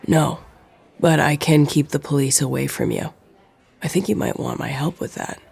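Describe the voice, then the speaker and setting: A narrator voicing a scheming man who makes a smooth, persuasive offer on the phone. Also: mid-range voice, exaggerated voice.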